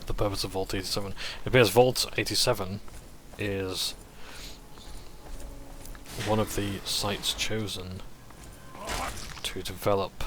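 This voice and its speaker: A man's voice: lowish voice, steady tone, unhurried, pauses often, background noise. A man hosting a casual playthrough, reading in-game texts aloud and often tripping over words and then correcting himself. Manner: stumbles and corrects himself mid-word. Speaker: let's play host.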